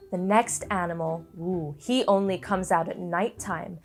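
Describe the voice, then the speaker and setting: A woman's voice: medium pitch, a little slow, a bit bright, soft background music. A young woman telling a story to children, coaxing them to join in with gasps and playful animal noises.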